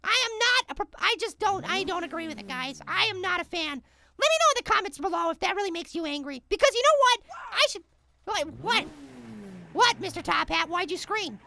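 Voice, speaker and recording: A super high squeaky little apple dude, gravelly edge, hyper and yelling at his game. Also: sing-song, fairly quick, slight background noise, full character voice. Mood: excitable. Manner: hyper, exclaiming, talks to viewers. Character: tiny excitable male apple gamer. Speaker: let's play host. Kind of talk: let's play commentary.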